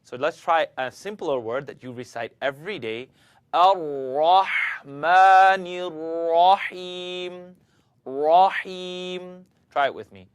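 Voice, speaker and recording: A man's voice: mid-range voice, expressive, a little fast, hardly any pauses, fairly bright tone, dry recording. A man teaching Quran recitation in a video lesson, patiently demonstrating each letter sound aloud for learners to repeat.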